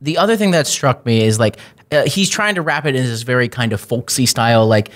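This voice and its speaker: A man guest on a tech news roundtable, talking in halting runs with many fillers. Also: medium pitch. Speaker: guest commentator. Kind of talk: casual roundtable chat.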